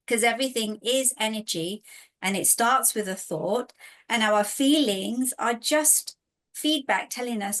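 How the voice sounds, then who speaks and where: A woman speaking as a webinar panelist over a video call, earnest and animated, acting out her own inner voice. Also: fairly high pitch, measured pace. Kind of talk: reflective webinar talk.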